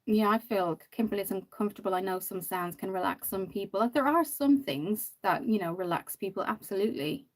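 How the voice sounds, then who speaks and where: Her mid-range voice moves a little fast with few pauses as she hosts a makeup livestream. She chats loosely over viewer comments, rambling with many ums and "you know."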